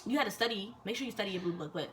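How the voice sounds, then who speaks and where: A young woman telling a personal story in a casual, animated way, full of slang and swearing. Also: medium pitch, racing, a little hiss or hum.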